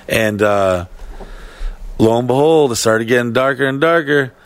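A man's voice: mid-range voice, a little slow, clean tone. A man telling a long story in casual chat, rambling and heavily profane, with lots of fillers. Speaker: podcast storyteller.

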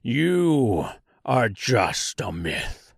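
A man voicing an evil giant male tree monster with a slow, drawn-out, mocking delivery. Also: medium pitch, big pitch swings, vocal fry, breathy edge, no echo, clean studio sound, full character voice. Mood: outraged.

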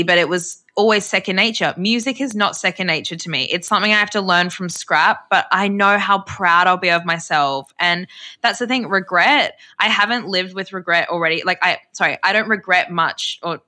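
Brief: young Australian woman, podcast guest, gushing and chatty, sharp bright tone. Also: fairly low pitch. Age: young adult. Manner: effusive, chatty, frequent laughs. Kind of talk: casual interview chat. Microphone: video call.

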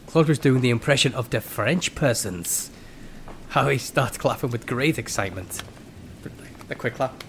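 A podcast host with a slight cold reads a comic script aloud in a relaxed, casual way. He laughs often between lines. His voice sits in an ordinary middle pitch. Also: moderate pace, a little hiss or hum.

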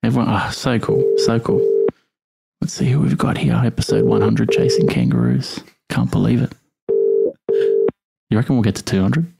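Male podcast host, australian accent, low, gravelly voice, easygoing and jokey. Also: sing-song, normal speed, pauses often, dark tone. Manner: laid-back, jokey, says "mate" a lot. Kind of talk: casual chat.

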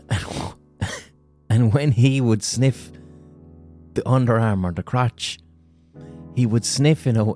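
Man, low-pitched, warm dark tone, crude rambling comic storytelling. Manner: rambling, crude, self-amused. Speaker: podcast host.

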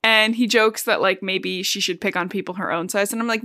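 A woman co-hosting a casual podcast, recapping a novel in a chatty way and quickly putting on the characters' lines. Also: mid-range voice, steady tone, pushed and bright, dry recording, studio quality. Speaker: podcast co-host. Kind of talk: casual book discussion.

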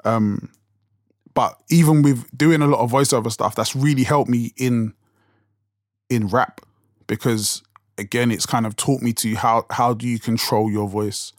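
A man's voice: mid-range voice, steady tone, unhurried, no room sound, clean studio sound. A young man with a London accent, talking casually as a podcast host, rambling with restarts and fillers. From England. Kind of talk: casual solo talk.

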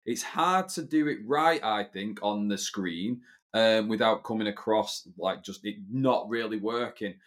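A man's voice: on the low side, unhurried. British male podcast co-host, casual and swears freely. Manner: chatty, opinionated, swearing freely. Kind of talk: casual chat.

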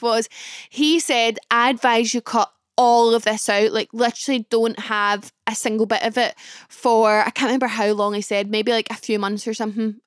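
A Scottish woman in her early twenties with a Glasgow accent, hosting a podcast and telling a personal story in a chatty, expressive way with comic exaggeration. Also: a little high, clear, resonant tone, dry recording, studio quality. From Scotland. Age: early 20s. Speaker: podcast host. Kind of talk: casual storytelling monologue.

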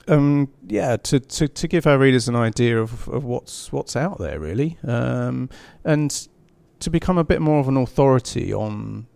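A man's voice: medium pitch, creaky, darkish tone. A man who edits a magazine, talking casually on a panel with lots of fillers and restarts. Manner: chatty, many fillers and restarts. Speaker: magazine editor.

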